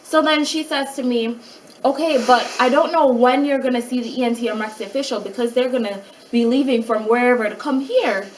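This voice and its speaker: A mother in a casual vlog, retelling a hospital night in an animated way and acting out what other people said. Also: fairly high pitch, a little fast, distant mic, a little hiss or hum, poor audio. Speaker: mother of a child with a rare syndrome.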